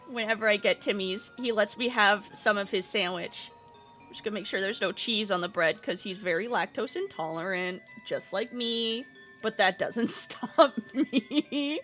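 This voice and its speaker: A woman streamer chatting casually and with animation, slipping into high baby talk with her pet bird. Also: expressive, moderate pace, a bit bright, soft background music.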